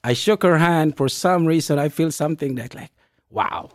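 Halting, higher-voiced man telling a story. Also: no room sound, studio quality. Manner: halting, with many restarts and fillers; acts out quoted dialogue with lively jumps in pitch. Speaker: storyteller in a conversation. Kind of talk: casual personal storytelling.

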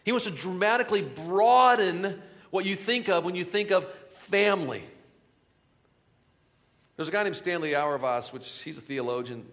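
A man's voice: high voice, expressive, normal speed, fairly bright tone, big-room sound. A man preaching to a congregation, talking conversationally and building to emphatic bursts with repeated phrases. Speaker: pastor. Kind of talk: sermon. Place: large hall with a live congregation.

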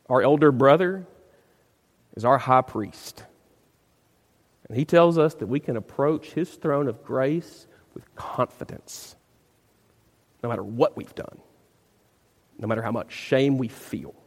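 A man's voice: mid-range voice, in a large hall. A man, a pastor, preaching a sermon in an emphatic way, often repeating words as he searches for the phrasing.

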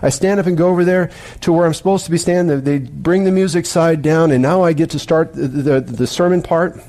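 A man's voice: a little high, warm tone. A middle-aged man preaching as a pastor, telling a dream in a rambling, emphatic way with many restarts. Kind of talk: sermon with dream story.

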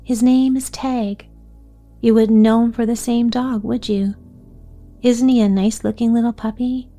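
Woman reading as a proud gushing little girl, a bit higher, mellow, faint music behind. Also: steady tone, unhurried.

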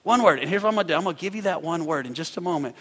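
A male pastor preaching a sermon, swinging from quiet, hushed passages up to fervent shouting. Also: a little high, animated, very fast, slightly rough, big-room sound. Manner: preaching with big swells to shouting and drops to hushed tones. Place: church hall.

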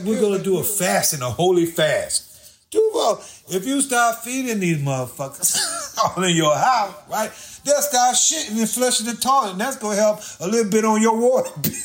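A male comedian with a high-pitched voice tells a story on stage. He jumps between characters as he acts out a conversation, and his delivery is loose and full of profanity. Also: moderate pace. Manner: animated, acts out both sides of a conversation, profane. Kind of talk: stand-up storytelling.

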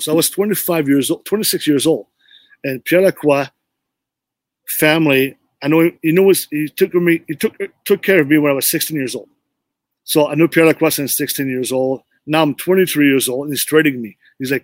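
A man's voice: on the high side, normal speed, no echo. Middle-aged guy rambling thru a story on a podcast, restarts a lot, dry close sound. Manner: rambling, restarts often, tells stories with quoted dialogue. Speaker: podcast guest, former pro hockey player. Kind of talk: casual interview storytelling.

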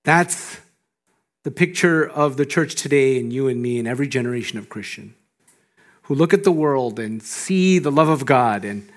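A male pastor preaching a sermon, animated and laughing often, swinging from loud emphasis down to hushed, low lines. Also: moderate pace. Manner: laughs often between phrases.

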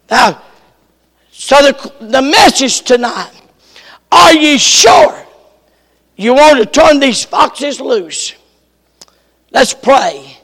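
A male preacher reading scripture aloud and explaining it, with bursts of shouting. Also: extremely high pitch, creaky, big-room sound. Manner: reads scripture then explains it, rising to shouts. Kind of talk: sermon.

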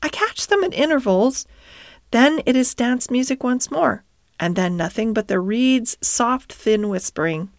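A woman playing a languid, poetic male water rat from a storybook, murmuring in a hushed voice pitched above her own. He drifts dreamily through his words. The sound is dry and close. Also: lively intonation, measured pace, no room sound. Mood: dreamy. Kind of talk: storybook character voice.

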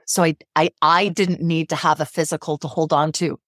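Earnest middle-aged woman, low and dry. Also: steady tone, normal speed, dry recording. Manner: earnest, emphatic, repeats phrases for emphasis. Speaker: psychotherapist guest. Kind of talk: podcast interview.

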